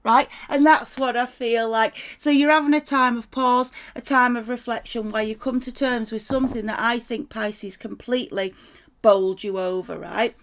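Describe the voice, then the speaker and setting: A woman's voice: on the high side, fairly even intonation, normal speed. A woman giving a casual tarot reading in a chatty way, often checking in with "right?" and swearing freely. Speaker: tarot reader.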